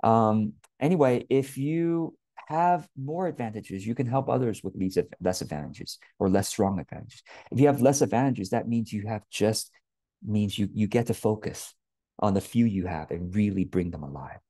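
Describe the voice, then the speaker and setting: A man talks straight to camera with casual business advice, loose and rambling, stumbling over repeated words. His voice sits fairly low and mellow. The sound is dry and close. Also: lively intonation, normal speed, no echo. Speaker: business coach.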